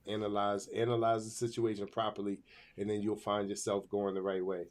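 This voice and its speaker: A man with a fairly low voice speaks in a loose, casual podcast conversation. He leans hard on his points and repeats phrases while he works them out. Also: monotone, a little fast. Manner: emphatic, repeats himself while working out a point. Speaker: podcast co-host. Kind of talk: casual chat.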